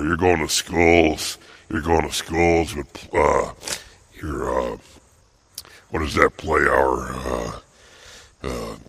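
A man's voice: very deep voice, pushed and bright, breathy edge. An older man delivering an angry, agitated monologue, repeating himself and stumbling over fillers. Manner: agitated, repetitive, halting with many fillers.

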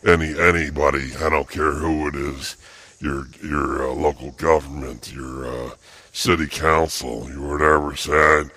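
Very deep husky older man ranting. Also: flat delivery, pushed and bright, no room sound. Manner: agitated, repetitive, halting with many fillers. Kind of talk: angry ranting monologue.

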